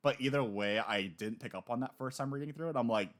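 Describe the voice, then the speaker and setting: A man co-hosting a casual chat, animated and quick to laugh, slipping into voices when he retells scenes. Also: lowish voice. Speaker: podcast co-host discussing a manga.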